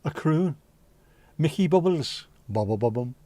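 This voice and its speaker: Animated and warm, a fairly high-pitched male voice speaks a little slowly, with no room sound. He's a Scouse livestream host chatting jokily with viewers over their comments, rambling and not holding back on swearing.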